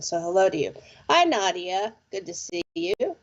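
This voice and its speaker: A woman's voice: mid-range voice, big pitch swings, normal speed, muffled recording. A woman presenter doing psychic readings, chatting casually with viewers on a live stream and often checking in with "okay?". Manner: chatty, lots of fillers like "okay?" and "like". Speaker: psychic reader and show presenter.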